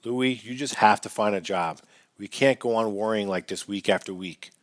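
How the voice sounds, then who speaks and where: A distressed young wife pleads and snaps in a worn, tearful voice, as a male narrator puts her on. The delivery is fairly low and steady for an audiobook figure. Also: moderate pace, close to an everyday voice. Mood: pleading. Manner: pleading, sharp when angry.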